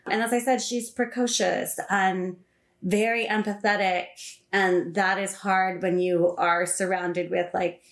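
A woman chatting casually about a book and parenting, animated and quick to laugh. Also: medium pitch. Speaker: podcast guest. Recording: roomy echo.

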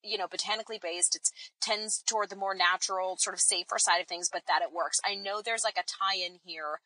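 Casual, rambling woman host in her thirties with a bright, sharp voice. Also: medium pitch, fairly even intonation, a little fast, rough recording. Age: 30s. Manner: chatty, rambling, with fillers. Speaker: podcast host. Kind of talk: casual podcast intro and interview. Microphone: remote recording setup.

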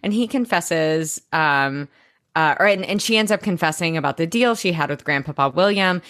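A woman's voice: lowish voice, lively intonation, normal speed, a bit bright, dry recording, clean studio sound. A woman co-hosting a podcast, chatting casually and animatedly as she recaps a TV episode, swearing freely and acting out the characters' lines. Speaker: podcast co-host.

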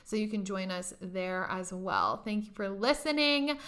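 Podcast host, young woman, bright tone, emphatic and profane, casual motivational delivery. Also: medium pitch, expressive, measured pace. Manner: profane, emphatic, laughs often.

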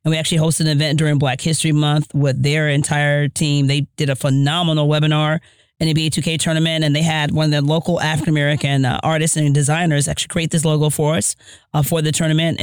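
A woman's voice: deep voice, flat delivery, fast, clear, resonant tone, no echo, studio quality. A woman guest on a podcast, upbeat and businesslike as she explains her organization's work. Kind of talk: conversational interview answers.

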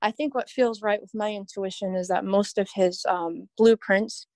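A woman's voice: mid-range voice, steady tone, normal speed, darkish tone, no echo. A woman guest on a podcast, talking in a rambling, earnest way and laughing often. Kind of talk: casual podcast chat.

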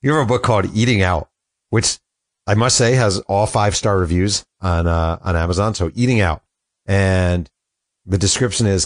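A man's voice: sits low, moderate pace, dry recording. A man hosting an interview, asking curious, blunt questions. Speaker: interviewer, host.

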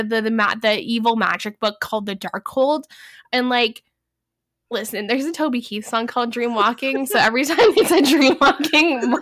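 A woman's voice: high voice, fairly bright tone. A young woman co-hosting a casual movie review chat, rambling and swearing, with constant fillers. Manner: rambling, profane, heavy use of "like". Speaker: podcast co-host.

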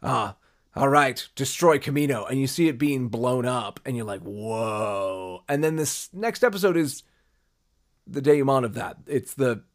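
A man's voice: mid-range voice, expressive, moderate pace. A man co-hosting a podcast, talking casually and rambling, acting out quoted reactions as he goes. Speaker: podcast co-host. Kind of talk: casual chat.

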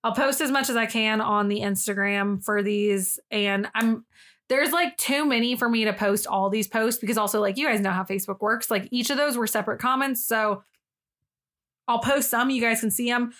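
A woman's voice: fairly high pitch, moderate pace, a bit bright. A young woman co-hosting a casual podcast, chatty and emotional, swearing freely as she tells a personal story. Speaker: podcast co-host. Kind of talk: casual chat.

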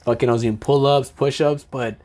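A man's voice: mid-range voice, steady tone, brisk, a little mellow. A young man in casual chat, dropping dude and bro into nearly every sentence. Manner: slangy, says dude and bro a lot.

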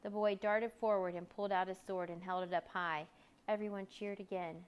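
A woman narrating a children's storybook as a scripted reading, expressive and lively, lifting her voice when the story's crowds cheer. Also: mid-range voice, brisk, clean tone.

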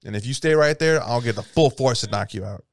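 A man in his thirties telling a profane, animated story in casual chat, acting out the voices of the people in it. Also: medium pitch, quick pace, dry recording, clean studio sound.

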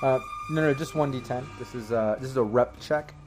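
A man's voice: mid-range voice, brisk, music in the background. A young man narrating a tabletop game as game master, rambling with many fillers.

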